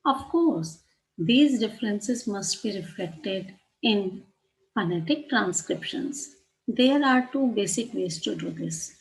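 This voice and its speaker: A woman with an Indian English accent teaches a phonetics class at a middle pitch. She reads steadily from her text and stops to spell out letters and explain points. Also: animated, slow pace, gravelly, rough recording. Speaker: English lecturer.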